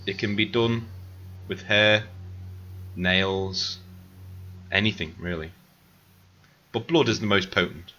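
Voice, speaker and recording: A man voicing a scheming, cursed male lord who bargains quietly in a tabletop game. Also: on the low side, slow pace, long pauses, soft background music.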